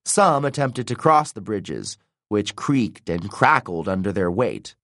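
Low-voiced guy narrating an audiobook, slow and dramatic, lots of pitch swing, dry close mic. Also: no room sound. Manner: expressive, dramatic reading. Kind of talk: scripted narration.

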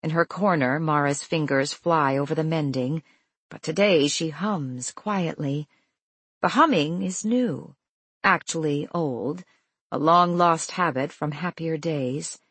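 A woman giving scripted storybook narration in a measured, gentle way. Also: deep voice, breathy edge, no room sound.

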